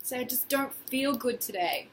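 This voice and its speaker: Bright-voiced woman guiding a tapping session. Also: high voice, moderate pace, a little hiss or hum. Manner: casual, expressive, acts out feelings in quoted phrases. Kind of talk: guided tapping exercise.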